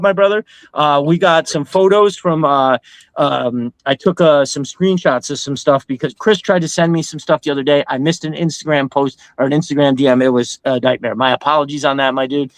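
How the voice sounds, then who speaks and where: A man's voice: mid-range voice, no echo, low-quality recording. A middle-aged man hosting a live stream in casual, rambling chat. He reads out viewer comments and greets each viewer as brother. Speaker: host of a live stream show.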